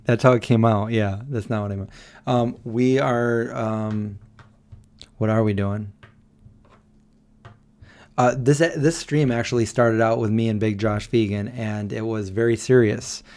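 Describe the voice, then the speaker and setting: A man's voice: on the low side, darkish tone. A tired man hosting a late-night livestream, rambling and answering viewers as he reads their messages aloud. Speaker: livestream host. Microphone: desk microphone.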